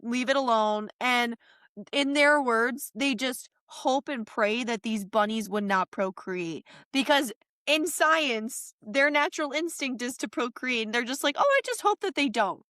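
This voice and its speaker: Podcast co-host, woman, very high voice, wry exasperated tone, dry close recording. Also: unhurried, sharp tone, dry recording. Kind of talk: casual chat.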